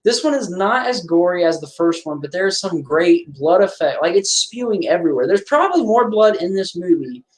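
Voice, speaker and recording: A man's voice: high voice, sing-song, normal speed, few pauses. A man giving casual watch-along commentary on a horror film, chatting and reacting aloud to the scenes.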